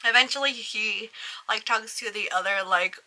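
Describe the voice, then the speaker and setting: A woman's voice: fairly high pitch, normal speed, very noisy. A young woman hosting an anime video, recapping and reviewing a show in a rambling, gushing way and leaning constantly on "like". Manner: rambling, leans heavily on "like" as filler; gushing and excitable.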